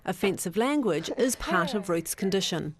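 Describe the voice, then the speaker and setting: A woman giving measured, scripted documentary narration. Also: medium pitch, expressive, a loud crowd.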